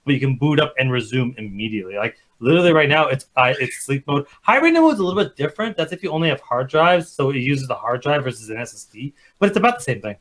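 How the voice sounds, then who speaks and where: A man's voice: medium pitch, big pitch swings, quick pace, hardly any pauses, fairly bright tone. A man co-hosting a casual podcast, blunt and profane, explaining computer matters at length. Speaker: podcast co-host.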